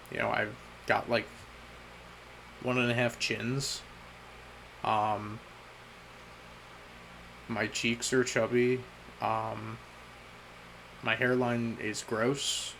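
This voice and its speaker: A young man vlogging a candid personal message to his future self, halting and self-critical, with frequent restarts and pauses. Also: medium pitch, creaky, sharp tone, slight background noise, low-quality recording. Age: young adult.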